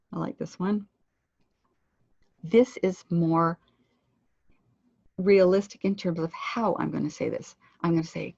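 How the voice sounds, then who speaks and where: A woman leads an online pronunciation lesson in a low, gravelly voice with a husky edge. She speaks deliberately and slows down to model each word. The audio is dry and a little dull, like a web conference microphone. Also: darkish tone, no echo. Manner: clear, deliberate teaching delivery, slowing down to model words. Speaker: pronunciation instructor. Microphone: computer microphone on a web conference.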